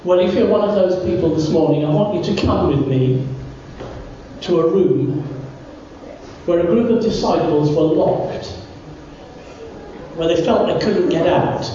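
A preacher giving a sermon who repeats words and phrases and slows down to stress key words. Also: mid-range voice, warm tone, slight background noise. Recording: very echoey, distant, dull church recording.

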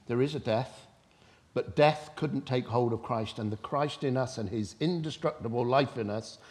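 A man preaching a sermon without notes, retelling scripture in his own words and swinging between loud emphatic bursts and soft quiet passages. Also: medium pitch. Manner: impassioned, rising to loud emphatic bursts then dropping soft.

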